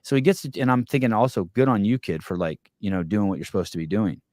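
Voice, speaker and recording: A man hosting a podcast, telling a long story in a casual, animated way, swearing often and restarting his sentences. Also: on the low side, fast talker, no room sound, clean studio sound. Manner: animated, profane, rambling with many restarts. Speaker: podcast host.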